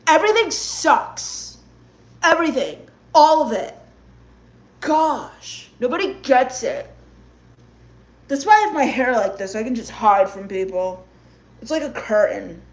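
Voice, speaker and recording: A woman's voice: high-pitched, expressive, takes it slowly, pauses often. A woman streamer reading chat comments aloud and answering them in a sarcastic, gloomy mock-goth rant. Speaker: livestream comedian reading chat. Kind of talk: comedic livestream chat reading.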